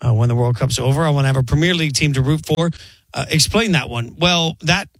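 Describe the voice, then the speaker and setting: A man's voice: on the high side, fast, no room sound. Rambling male sports radio host. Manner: rambling, hesitant, joking. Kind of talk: casual sports radio chat. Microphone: studio mic.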